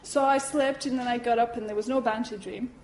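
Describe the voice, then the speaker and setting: A woman giving a talk at a Buddhist centre, telling a personal story in a lively way, acting out her reactions and saying "you know" often. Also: on the high side, brisk, low-quality recording.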